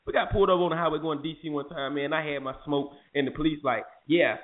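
A man, hosting a casual podcast chat and telling stories in an animated, slangy way. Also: on the high side, racing. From North Carolina. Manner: animated, slangy, jumps into impressions of police. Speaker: podcast host. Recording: tinny phone-like sound.

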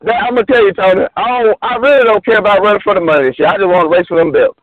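Over a tinny phone line, a drag racer who's a regular on the show trash talks in a high, rapid-fire voice. He boasts, repeats himself and calls out names in this casual call.

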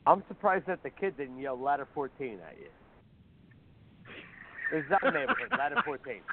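A man's voice: fairly high pitch, very animated, moderate pace, heavy background noise. A man co-hosting a talk show, chatting casually and bluntly with lots of swearing. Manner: blunt and profane. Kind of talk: casual chat. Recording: tinny phone line.

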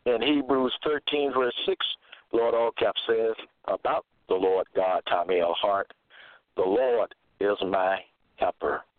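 Man preacher, emphatic scripture reading, slow and deliberate, dry phone-line sound. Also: lowish voice, no room sound. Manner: emphatic, repeats phrases, spells out words.

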